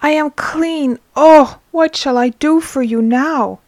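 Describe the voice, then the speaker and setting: A desperate, diseased grown man pleads at the top of his voice, high and strained, as a woman reader puts him on. The delivery is unhurried and the sound is dry and close. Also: steady tone, no room sound, natural voice. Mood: overjoyed. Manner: pleading, crying out loudly.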